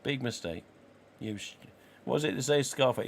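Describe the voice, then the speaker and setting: Speaking at normal speed in a mid-range voice, a man in his forties from England hosts a casual live stream in his English accent. He chats, swears freely, and acts out the dialogue he quotes.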